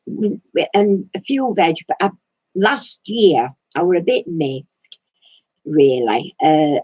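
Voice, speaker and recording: A woman's voice: lowish voice, darkish tone, no echo, dull audio. A woman hosting a casual live stream for her craft channel, talking in a rambling, hesitant way with many fillers.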